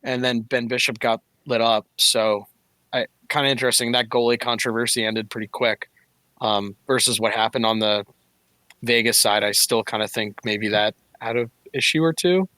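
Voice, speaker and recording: He's a male podcast co-host with a medium-pitched voice that sounds pushed and bright, keeping fairly even intonation at a moderate pace. His hockey talk is casual and analytical, full of fillers, and there's no room sound.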